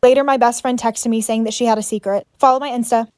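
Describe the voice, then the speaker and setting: Fast-talking young woman narrating a storytime. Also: a little high, steady tone, a little mellow, dry recording, clean studio sound. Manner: brisk, dramatic personal storytelling. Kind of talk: storytime voice-over.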